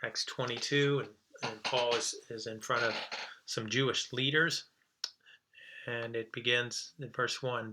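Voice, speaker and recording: Bright-voiced male pastor preaching casually. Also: medium pitch, fairly even intonation, a little slow, rough recording. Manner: conversational, with frequent restarts and repeated words. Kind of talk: sermon.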